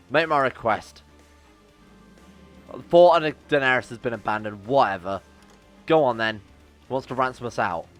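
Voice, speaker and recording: A man giving let's play commentary on a strategy game, exasperated and swearing, swinging between loud outbursts and low grumbles. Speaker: game streamer.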